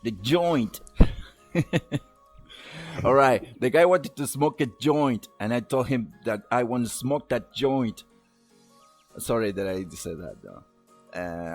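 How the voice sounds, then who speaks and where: A young man with a lowish, expressive voice speaks at a measured pace with long pauses, over soft background music. A podcast host, he tells a personal story casually over a voice call, rambling, swearing, and laughing at himself.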